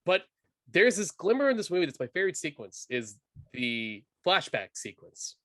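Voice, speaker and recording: Animated man chatting about films. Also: a little high, normal speed, no room sound, clean studio sound. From United States. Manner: animated, enthusiastic, many fillers and restarts. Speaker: podcast co-host. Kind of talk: casual film discussion.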